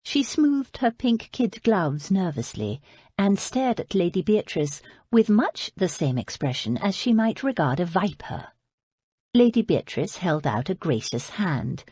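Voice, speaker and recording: A woman narrating an audiobook with expressive storytelling. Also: fairly low pitch, a little slow, slightly rough, dry recording. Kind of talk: scripted narration.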